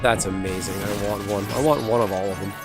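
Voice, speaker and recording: A man's voice: lowish voice, a little fast. Rambling, wry male streamer over music. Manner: rambling, wry, chatty asides to chat. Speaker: gaming streamer. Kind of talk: casual stream chat. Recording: music playing underneath.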